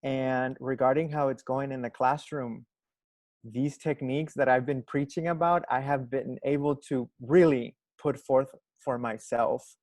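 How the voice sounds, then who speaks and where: A man's voice: mid-range voice, steady tone, unhurried, darkish tone, dry recording. A man, a teacher, speaking earnestly in an online panel discussion. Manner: earnest, explanatory.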